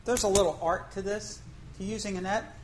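Over a low-quality recording with a little hiss or hum, a woman of medium pitch speaks a little fast with fairly even intonation. She's preaching a storytelling sermon, relating a fishing story in a folksy, conversational style and quizzing the congregation.

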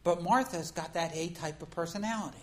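A woman preacher giving a conversational sermon, telling a story in an animated way and acting out the scenes. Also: fairly low pitch, brisk, low-quality recording.

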